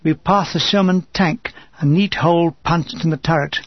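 A man's voice: on the high side, normal speed, no echo, dull audio. A man narrating his own wartime memoir in a dry, wry voice that turns urgent and shaken. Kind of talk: first-person wartime memoir reading.

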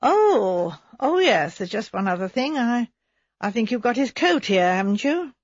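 A woman's voice: fairly high pitch, sing-song, unhurried, no room sound, dull audio. A woman narrator voicing a stout, florid middle-aged man who is falsely hearty and pushy, read for an audiobook.

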